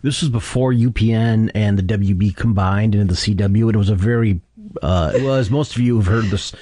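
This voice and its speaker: Casting: man with a low, mellow voice, hesitant podcast host, dry sound. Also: no room sound. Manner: halting, full of restarts. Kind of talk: casual chat.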